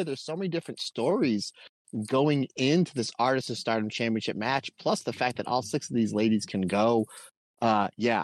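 A man co-hosting a wrestling podcast, chatting casually and retelling events in an animated way with asides to listeners. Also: fairly low pitch, no room sound. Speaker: podcast co-host.

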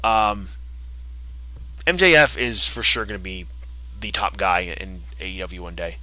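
Bright-voiced man on a podcast. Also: low-pitched, rough recording. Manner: enthusiastic, rambling, with fillers and quick recaps. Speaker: podcast co-host. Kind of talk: casual podcast chat.

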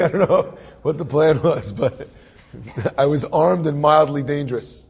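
A man's voice: on the high side, a little slow, vocal fry, darkish tone, slightly rough. A man from the New Jersey area telling an inspirational personal story, full of humorous, self-mocking asides.

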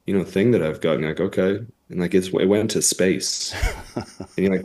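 An English man with a low voice, talking in a loose, joking way on a podcast. He is a comedian guest who swears freely while spinning his bits. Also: fairly quick, darkish tone. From England. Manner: profane, joking storyteller. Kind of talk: casual podcast chat.

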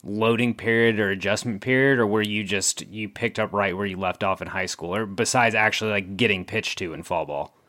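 A man's voice: on the low side, brisk, sharp tone. A man hosting an interview, asking long, layered questions. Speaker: interviewer host.

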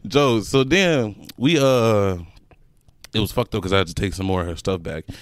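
A man's voice: on the low side, moderate pace, dry recording. A young man, a podcast co-host, telling a personal story in casual slangy chat with friends, laughing as he goes. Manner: animated, laughs through his story, slangy.

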